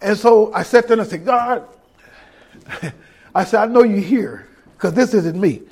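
With a husky, high-sitting voice, a middle-aged man shares his testimony as a sermon in an expressive, unhurried way. He acts out other people's voices in the story, moving between hushed and loud.

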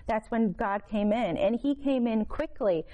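A woman's voice: fairly high pitch, warm tone, highs cut off. Woman giving emotional faith testimony. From Florida. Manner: emotional, halting with fillers and restarts. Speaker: testimony speaker. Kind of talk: spoken testimony to a congregation.

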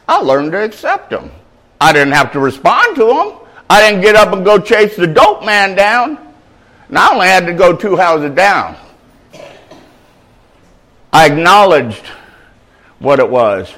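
A man giving an informal sermon as a faith-based mentor, mixing street slang with scripture read out slowly and loudly. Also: high-pitched, poor audio. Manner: animated, conversational preaching with street slang.

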